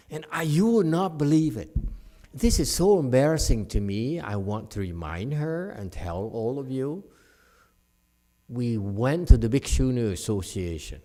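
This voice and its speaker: Unhurried middle-aged man teaching Buddhism, dark-toned and blunt, ribs his audience with a laugh. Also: a little high, animated. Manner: frank and scolding, teases listeners by name, laughs often. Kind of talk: dharma talk to a live audience.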